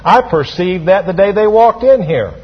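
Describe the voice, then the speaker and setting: A man's voice: sits high, animated, moderate pace, husky. A man preaching a sermon as a pastor, calling on the congregation to answer back. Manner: preaching with call-and-response to the congregation. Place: church sanctuary. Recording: dull sound with long hall reverb.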